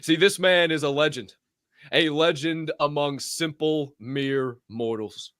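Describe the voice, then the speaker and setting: A man co-hosting a podcast in casual chat, animated and quick to laugh. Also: a little high, smooth, no echo, clean studio sound. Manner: animated, breaks into loud laughter. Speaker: podcast co-host.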